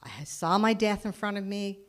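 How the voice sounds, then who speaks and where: A woman telling a personal story at a live storytelling event, animated, with dramatic swings in loudness. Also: mid-range voice, brisk.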